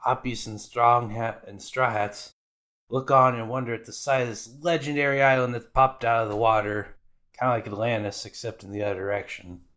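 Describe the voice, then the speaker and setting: A man's voice: medium pitch, steady tone, brisk, a bit bright. A man hosting a podcast, casually recapping anime episodes with irreverent, profane asides. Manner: irreverent, swears freely, mock voices for characters.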